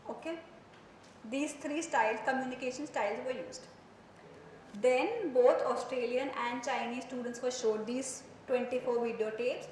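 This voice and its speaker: A high-voiced woman with an Indian accent teaches psychology, her words bouncing off the walls of a large classroom over a low background hum. Her lecture stays conversational as she mixes in Hindi and keeps checking in with students through questions.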